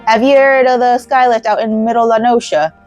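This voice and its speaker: A woman's voice: a little high, steady tone, brisk, a little mellow, no room sound, dull audio, soft background music, natural voice. A woman voicing a hearty middle-aged male tavern keeper, reading game dialogue aloud in an uncertain put-on accent.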